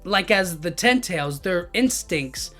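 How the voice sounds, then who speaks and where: A man's voice: high voice, animated, takes it slowly, pushed and bright, faint music behind. Rambling man recapping a manga chapter. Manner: rambling, loose paraphrase full of "like" and "you know what I mean". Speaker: anime and manga reviewer.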